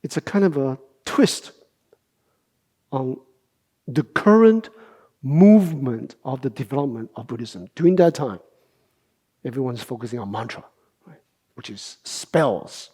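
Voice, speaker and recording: A middle-aged man gives a dharma talk as a meditation teacher, taking his time. His voice is mellow and a little husky. He keeps checking in with his listeners by asking "right?". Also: mid-range voice, animated. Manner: unhurried explaining, with rhetorical questions and frequent "right?".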